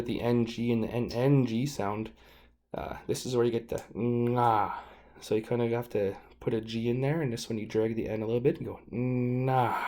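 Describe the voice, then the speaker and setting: A man leads a casual language lesson at an unhurried pace and pronounces each syllable carefully. His voice is warm and mellow, and his delivery is informal and modest. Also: mid-range voice, slight background noise. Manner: slow, informal, self-deprecating, demonstrates sounds syllable by syllable. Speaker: language teacher. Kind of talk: relaxed spoken language lesson.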